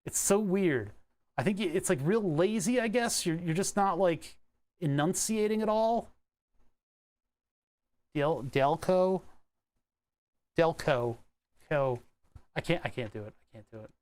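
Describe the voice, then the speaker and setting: His voice is high and darkish, swinging widely in pitch at a moderate pace. A young electronics vlogger from Pennsylvania's Delaware County, he rambles to himself with playful wordplay as he works on a build.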